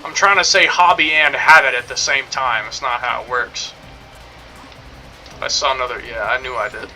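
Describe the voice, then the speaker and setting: A man's voice: medium pitch, moderate pace, sharp tone, faint music behind, rough recording. A young man streaming a game, rambling and joking in casual commentary, swearing now and then.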